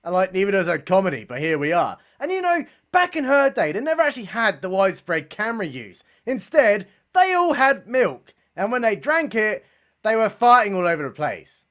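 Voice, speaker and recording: A young man giving sarcastic, mocking commentary as he reviews a comedy special, with deadpan asides and casual swearing. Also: high voice, fairly quick.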